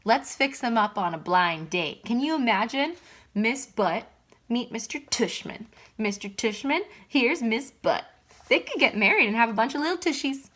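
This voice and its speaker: A woman's voice: on the high side, expressive, normal speed, a bit bright. A woman reading as a playful joking dad. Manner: jokey and upbeat. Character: playful, joking father in a car.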